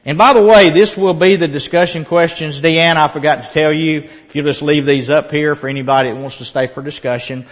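A man preaching a sermon as pastor of his church, animated and folksy, rising to loud emphatic peaks. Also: fairly high pitch, a little fast, few pauses. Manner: folksy and conversational, laughs between points. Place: church sanctuary. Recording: long church reverb.

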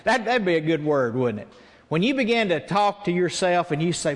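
An earnest male pastor preaching from the pulpit, his voice sitting somewhat high for a man. He acts out his own prayers as he tells the story, and a long church reverb trails after every word. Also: lively intonation, fairly quick. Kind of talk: sermon.

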